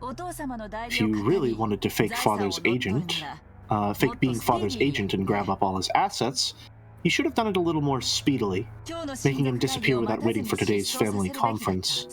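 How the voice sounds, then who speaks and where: A man voicing a sharp-tongued scheming middle-aged woman in a visual novel read-through, needling and mocking, his voice leaping up high. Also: sing-song, moderate pace, a crowd in the background, close to an everyday voice. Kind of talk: dramatic reading of a visual novel. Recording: music playing behind.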